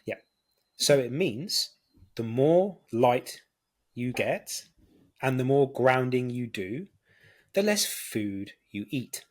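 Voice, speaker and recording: Male guest; earnest explainer who slows down for emphasis. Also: mid-range voice, expressive. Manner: earnest explainer, slows to stress key words. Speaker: guest health consultant. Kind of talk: casual interview chat.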